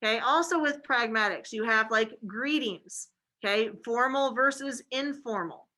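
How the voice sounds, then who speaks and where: A woman's voice: on the high side, unhurried, bright, forceful tone, rough recording. A woman teacher giving a casual classroom lecture, chatty and full of fillers like "okay" and "like".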